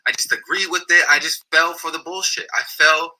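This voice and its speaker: A man with a bright, husky voice, pitched a little high, tells his story bluntly. He swears freely and livens up when he quotes other people. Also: moderate pace, low-quality recording. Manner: blunt, profane, animated when quoting others. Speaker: former associate telling his story. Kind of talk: casual storytelling.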